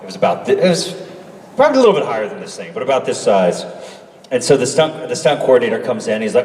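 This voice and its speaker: A man's voice: medium pitch, fast talker. A man telling stories casually on a convention panel, acting out other people's lines as he goes. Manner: animated storyteller who acts out other people's lines. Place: large convention hall. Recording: echoey hall from far off.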